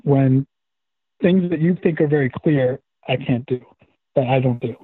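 A man's voice: medium pitch, a little slow, breathy edge, no echo. A man calling in to a show who speaks hesitantly and often repeats his words. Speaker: caller. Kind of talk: phone call-in conversation. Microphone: telephone. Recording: tinny dry phone line.

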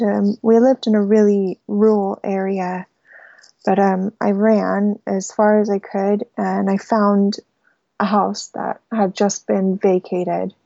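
A young woman from the United States calling in to a show and telling a personal story in a halting, hesitant way, with many restarts, over dull lo-fi call-in audio. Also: mid-range voice, creaky, warm tone, dry recording. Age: young adult. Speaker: caller.

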